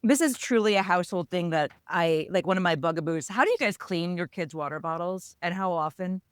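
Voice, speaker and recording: A chatty woman co-hosting a casual podcast, teasing her guests and asking lots of questions. Her voice is smooth and clear. The recording is dry and close. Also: fairly low pitch, brisk, no room sound. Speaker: podcast co-host.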